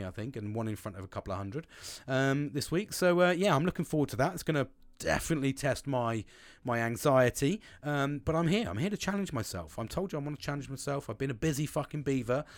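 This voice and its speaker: Sweary podcaster, dry close sound. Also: male voice, mid-range voice, no echo. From England. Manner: blunt and sweary, rambling with frequent restarts. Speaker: podcast host. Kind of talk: casual solo podcast monologue. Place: small wooden shed. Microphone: close podcast mic.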